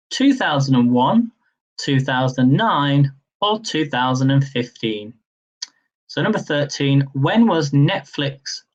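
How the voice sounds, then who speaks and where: A young man hosts a live-streamed quiz at an unhurried pace, repeating every question and dropping casual asides between them. His voice sits at an ordinary pitch, and the stream audio is muffled and lo-fi. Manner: slow, repeats each question, chatty asides. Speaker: quiz host.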